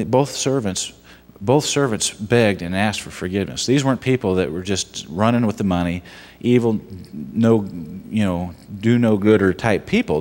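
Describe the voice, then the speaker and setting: A man giving a conversational sermon and reading scripture, talking in a halting way with frequent restarts and asides. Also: lowish voice, a little mellow, big-room sound. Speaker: guest preacher, son of the pastor. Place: church sanctuary.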